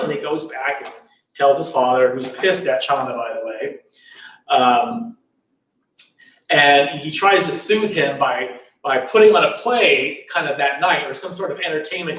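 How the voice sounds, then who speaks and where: A man's voice: a little high, expressive, normal speed, a bit bright, distant mic. A man telling a spiritual story in a loose, chatty way, in a temple hall.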